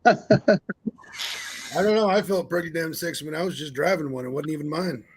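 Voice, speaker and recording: A man's voice: on the high side, fairly quick, slight background noise. A man hosting a casual livestream chat, teasing and joking and laughing often. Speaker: livestream host.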